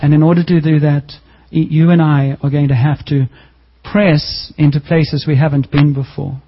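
A man preaching a sermon as a pastor, lively and joking, with sudden jumps in pitch for emphasis. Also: normal speed, muffled recording, a little hiss or hum.

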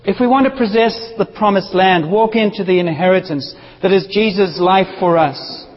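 A man preaching a sermon in a church, passionate and animated, with playful asides to the congregation. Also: high-pitched, moderate pace, in a large hall, highs cut off, a little hiss or hum. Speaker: pastor.

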